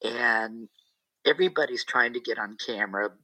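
A man's voice: medium pitch, normal speed, sharp tone, no room sound, rough recording. A middle-aged man, an entertainer, telling a rambling story in a casual interview with many restarts and asides.

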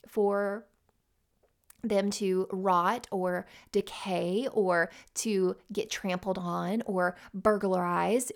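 A woman's voice: medium pitch, fairly even intonation, drawn-out words, vocal fry. A woman, chatting heartfelt and casual as a vlogger, often restarting her sentences. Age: late 30s. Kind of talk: casual personal chat.

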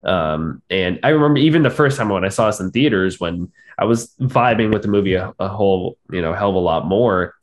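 Blunt, sarcastic man with a low voice. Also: animated, fairly quick, hardly any pauses. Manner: blunt and sarcastic, with frequent fillers and repeats. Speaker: film review podcast co-host. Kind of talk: casual review chat.

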